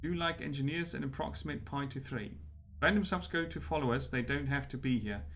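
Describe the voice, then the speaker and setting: A man's voice: mid-range voice, fairly quick, fairly bright tone, slight background noise. A man streaming a game live, chatting to his viewers and laughing often. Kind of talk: live gameplay commentary.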